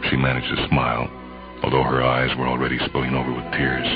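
A man narrating a story in a measured, brooding way. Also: rumbling low, completely flat delivery. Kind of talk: dramatic audiobook narration. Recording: muffled lo-fi recording, faint music.

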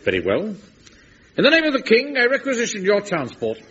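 An actor playing a pompous, blustering Home Guard captain in a vintage radio comedy. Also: male voice, medium pitch, sing-song, moderate pace, fairly bright tone, slightly rough, exaggerated voice. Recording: dull vintage broadcast recording.

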